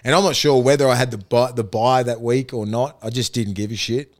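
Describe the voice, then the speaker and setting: A man's voice: medium pitch, fairly even intonation, brisk. A man with an Australian accent, a former rugby league player, telling rambling, profane anecdotes with frequent laughter in a casual podcast chat.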